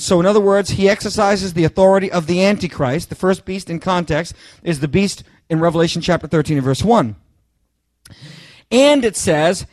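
A man preaching a sermon, emphatic and halting, who restarts phrases and addresses his listeners directly, rising to loud bursts on key words. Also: sits high, no echo.

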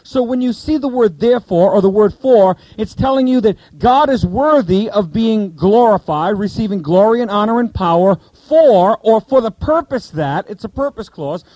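A man teaching a Bible study to a group, asking the listeners questions and repeating key points slowly. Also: high voice, expressive, darkish tone, no room sound, low-quality recording.

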